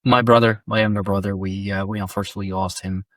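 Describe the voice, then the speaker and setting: A man hosting a podcast, speaking in a hesitant, casual way with frequent pauses. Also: fairly low pitch, flat delivery, no room sound, clean studio sound. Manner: hesitant, many fillers and restarts, soft-spoken replies. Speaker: podcast host. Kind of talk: casual interview chat.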